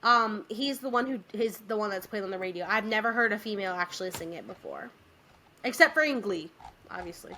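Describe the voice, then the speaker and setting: A young adult woman co-hosting a podcast, chatting casually and retelling scenes in an animated, giggly way. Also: medium pitch, brisk, slight background noise. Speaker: podcast co-host. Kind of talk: casual chat.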